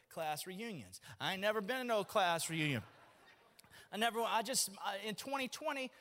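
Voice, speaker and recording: A man, preaching a folksy, joking sermon in a church. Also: sits high. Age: 40s. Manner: folksy, joking, animated storytelling. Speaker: pastor. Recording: long reverb of a church hall.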